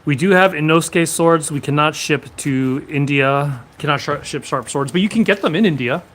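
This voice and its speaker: A man's voice: a little high, normal speed, fairly bright tone. A man hosting a casual live stream from a sword shop, reading viewer comments and answering them one after another.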